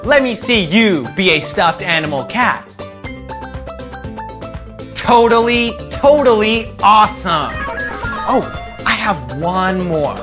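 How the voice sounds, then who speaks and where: Slow, upbeat man hosting for preschoolers. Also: high voice, animated. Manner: upbeat, talks directly to young viewers; playful, acts out animals. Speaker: children's show host. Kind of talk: preschool educational presenting. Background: music.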